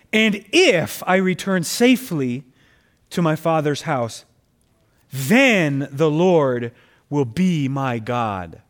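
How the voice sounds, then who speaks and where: A man preaching a sermon, reading scripture aloud and pressing his points with rising emphasis, calling his listeners friends. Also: high voice.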